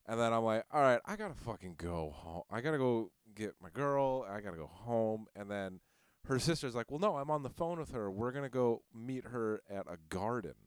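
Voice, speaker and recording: A young man, spinning a profane, rambling story on a podcast. His voice is fairly low and smooth, recorded dry and close. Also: expressive, normal speed, dry recording. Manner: crude, profane storytelling with many fillers. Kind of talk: casual podcast chat.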